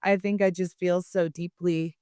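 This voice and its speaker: A woman therapist, a podcast guest, explaining in a reflective, warm-hearted way in casual conversation. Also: fairly low pitch, level tone, moderate pace, clean tone, dry recording, studio quality.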